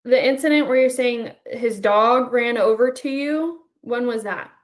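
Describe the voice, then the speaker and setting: A woman attorney questioning a witness in court, halting and repeating herself. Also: on the high side.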